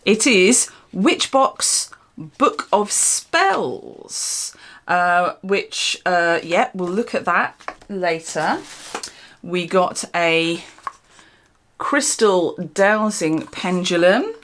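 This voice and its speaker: A woman's voice: fairly low pitch, animated, extremely slow, fairly bright tone, slight background noise. An older woman, hosting an unscripted casual product review in a rambling, dry and sarcastic way. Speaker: channel host reviewing products.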